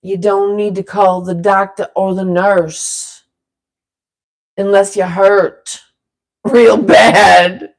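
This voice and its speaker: Slow, mellow-voiced goofy woman. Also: medium pitch, little pitch movement. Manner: goofy, rambling, breaks into loose improvised rapping. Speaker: vlogger leading a vocal exercise. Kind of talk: playful casual instruction.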